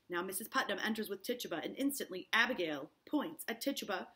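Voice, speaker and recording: A woman teacher reading a play aloud to students and pausing to explain hard words. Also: mid-range voice, animated, pushed and bright.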